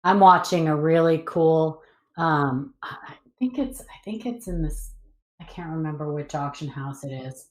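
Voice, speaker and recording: A woman's voice: low voice, normal speed. A woman co-hosting a panel stream, chatting casually, thinking aloud and asking questions. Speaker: co-host on a panel. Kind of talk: casual chat.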